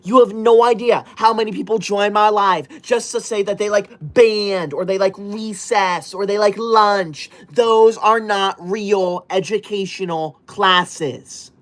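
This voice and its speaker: On a livestream, a man plays a strict teacher, reading viewer comments aloud in a loud, indignant, bossy voice. His pitch is high and his tone steady, and he talks a little slowly with hardly any pauses.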